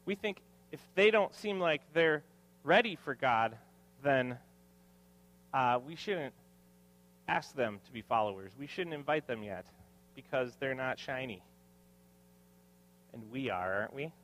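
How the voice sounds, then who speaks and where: Speaking at a measured pace with frequent pauses, a man in his thirties preaches to the congregation in a church hall. His medium-pitched voice is expressive and fairly bright as he alternates scripture with jokey, self-deprecating stories from home.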